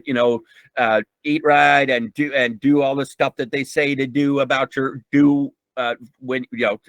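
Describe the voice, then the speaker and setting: Male speaker for a mental health talk, mid-pitched, dry close sound, emphatic and repetitive, earnest. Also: a bit bright, no echo, poor audio. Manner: emphatic and repetitive, restarting sentences; earnest, with frequent ums. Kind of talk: informal talk on emotional intelligence.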